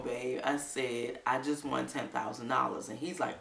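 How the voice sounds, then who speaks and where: A woman chatting to her viewers in a casual, animated storytelling style, quoting people in livelier voices. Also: very deep voice, moderate pace, vocal fry, hardly any pauses, echoey room, recorded from a distance. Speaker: vlogger.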